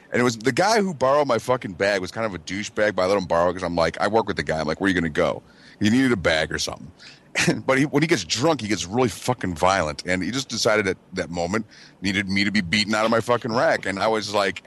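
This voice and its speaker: A man's voice: fairly low pitch, a bit bright. A man casually telling a profane, rambling story and laughing as he goes. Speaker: regular on a men's chat show, Navy veteran.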